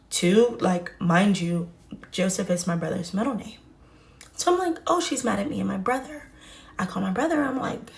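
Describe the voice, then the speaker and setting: Speaking in an unhurried mid-range voice with frequent pauses, a young woman from Texas shares a personal story in a relaxed way. She gets animated, performing the lines she quotes.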